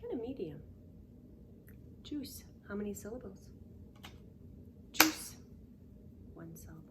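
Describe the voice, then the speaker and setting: A woman teaching a remote preschool lesson, patient and sing-song, sometimes dropping to a hushed whisper to give clues. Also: mid-range voice, animated, racing, very noisy. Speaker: daycare teacher.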